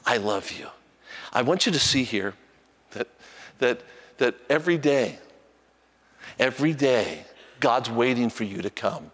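A man's voice: unhurried, long pauses. Older male pastor preaching in a hall. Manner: storytelling, animated, voice jumps high when acting out a child. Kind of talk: sermon.

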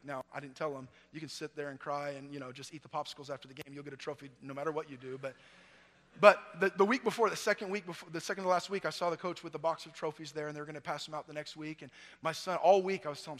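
A middle-aged male pastor preaching in a high, bright voice, swinging between ringing emphasis and near-whispered lows. His words carry a long church reverb. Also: steady tone, rapid-fire. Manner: preaching with sweeping swings in volume, from near-shouts to hushed lows. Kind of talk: sermon. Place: church sanctuary.

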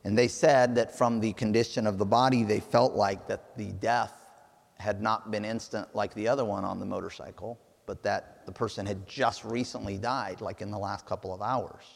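A man's voice: fairly low pitch, fairly even intonation, normal speed, creaky, big-room sound. A man preaching a sermon, telling a story in an earnest way.

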